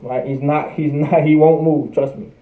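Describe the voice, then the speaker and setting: A man's voice: on the high side, steady tone, moderate pace. A young man teaching a livestreamed language class, repeating words over and over in a casual, conversational way. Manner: repetitive drilling, casual conversational asides. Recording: tinny phone-like audio in an echoey room.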